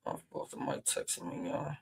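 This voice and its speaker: A man with a Philadelphia accent hosting a casual livestream, brash and loud, trash-talking and laughing often. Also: fast, a little hiss or hum, rough recording. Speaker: livestream host.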